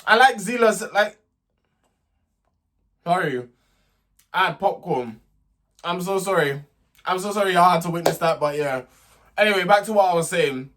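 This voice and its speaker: A young man with a high, light voice rants through a casual reality TV recap. He is sassy and indignant, often stumbling over and repeating his words as he goes. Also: animated, unhurried, pauses often, fairly bright tone, slight background noise. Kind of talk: casual vlog commentary.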